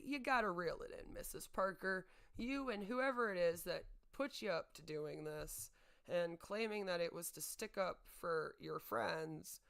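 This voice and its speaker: A woman's voice: lowish voice, gravelly, fairly bright tone. A woman streamer delivering a heated, sarcastic rant to her audience, repeating her points for emphasis. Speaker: streamer and channel host. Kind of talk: livestream rant.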